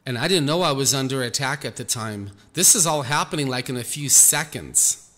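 A man, a Christian minister, telling a personal testimony in an earnest, halting way, repeating words as he goes. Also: mid-range voice, lively intonation, sharp tone. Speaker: Christian minister recounting an experience. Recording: echoey room, faint music behind.

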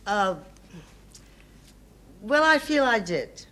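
A woman's voice: fairly high pitch, very animated, very slow, sharp tone. Emphatic older woman, sardonic. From United States. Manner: emphatic, hesitant restarts, sardonic. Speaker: interview guest. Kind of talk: reminiscing interview.

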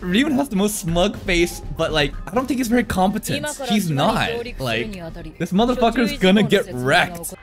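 A young man giving casual, excitable commentary on an anime episode, thinking aloud and swearing freely. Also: sits high, normal speed, over music. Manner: wry, playful running commentary. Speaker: anime reaction streamer. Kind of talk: casual live reaction commentary.

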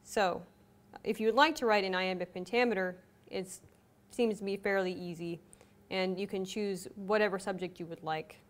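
A young woman explaining a writing lesson in a casual, relaxed way, with frequent ums and uhs. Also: mid-range voice, normal speed. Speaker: writing instructor. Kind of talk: instructional video explanation.

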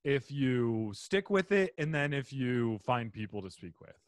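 A man's voice: mid-range voice, very animated, a little slow, dry recording. A man hosting a casual interview, telling stories animatedly and slipping into silly voices. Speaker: host.

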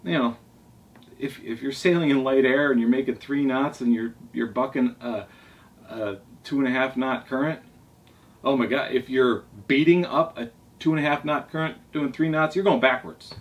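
A man's voice: mid-range voice, moderate pace, highs cut off. A man who sails, showing off his favorite books in a casual, rambling way, talking eagerly and often restarting his sentences. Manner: enthusiastic, rambling, with restarts and asides. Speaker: sailing vlogger showing his library. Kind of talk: casual show-and-tell. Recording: distant mic, faint background noise.

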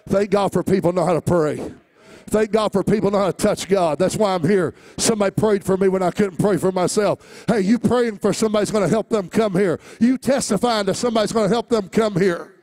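High-voiced preaching pastor. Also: male voice, no room sound. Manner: swings from quiet storytelling to shouted, rising preaching refrains; laughs easily between lines. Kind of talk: preaching a sermon with a personal story.

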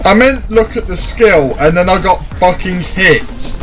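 High-voiced gamer, unhurried. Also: male voice, expressive, soft background music. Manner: frustrated, swears and shouts at the game. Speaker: gaming YouTuber. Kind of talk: let's play commentary.

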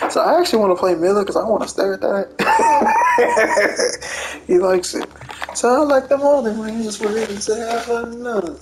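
A woman's voice: a little high, normal speed, long pauses, darkish tone, a little hiss or hum. A woman giving casual gameplay commentary, cursing freely, laughing often and retelling trash talk as quoted back-and-forth. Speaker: gamer.

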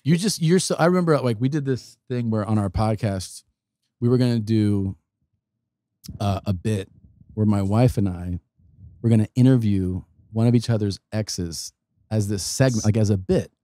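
A man's voice: lowish voice, moderate pace, dark tone, no echo. A middle-aged man, a guest comedian, telling stories in casual podcast chat, acting out other people's lines, swearing and laughing as he talks.

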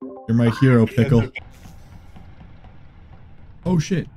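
A man's voice: medium pitch, animated, slow pace, dark tone, soft background music. A man streaming an online game, muttering sarcastic asides and swearing casually. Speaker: streamer playing a social deduction game. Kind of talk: casual gaming chat.

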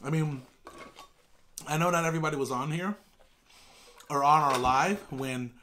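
A man's voice: on the high side, normal speed, bright, forceful tone, a little hiss or hum. A man co-hosting a food vlog, chatting in an easygoing way while eating. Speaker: vlog co-host. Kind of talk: casual chat while eating.

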